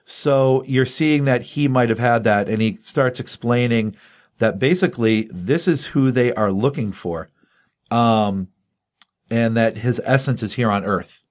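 Comic podcast host, man, mid-pitched, chatty and excited recapping. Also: unhurried. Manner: excitable storyteller, loose and rambling with fillers. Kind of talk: casual chat retelling a comic.

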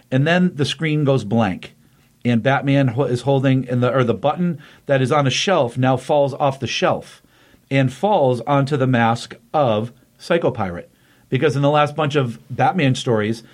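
A man hosting a casual podcast, retelling a comic book plot with rambling enthusiasm and lots of fillers. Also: mid-range voice. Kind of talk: casual chat recapping a comic.

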